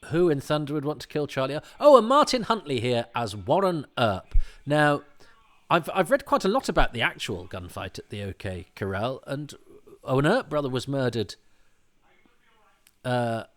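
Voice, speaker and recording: A man's voice: medium pitch, very animated, moderate pace, fairly bright tone. A man hosting a podcast, talking casually while watching an episode, chatty and rambling, often restarting his sentences. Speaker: podcast host.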